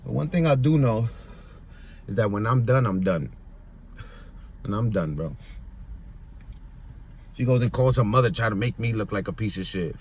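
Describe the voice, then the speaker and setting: A man's voice: lowish voice, lively intonation, normal speed, long pauses, a little mellow, a little hiss or hum. A frustrated young man venting in a rambling monologue, repeating himself often, recorded outdoors in a busy public area.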